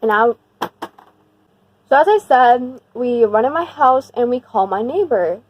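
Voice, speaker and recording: A young woman telling a storytime on her vlog in a slangy, rambling way full of "like", animated and emphatic. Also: a little high, a little slow, no room sound, muffled recording. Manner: slangy, rambling, heavy use of "like"; animated and emphatic when retelling the scary part. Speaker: vlogger. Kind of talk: casual storytime.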